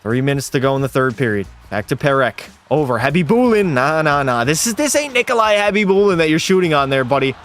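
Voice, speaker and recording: A young man from Canada streams a hockey video game, his fairly high voice jumping between mock broadcaster calls and loose, profane chat banter. Faint game music sits behind his desk mic. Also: fast talker, hardly any pauses. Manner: excitable, mock sportscaster calls mixed with casual swearing. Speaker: gaming streamer. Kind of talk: live play-by-play commentary and chat banter.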